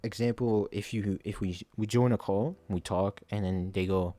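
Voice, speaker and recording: A young man hosting a podcast, telling a story in a profane, animated late-night monologue. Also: fairly low pitch, moderate pace, faint music behind. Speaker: podcast host.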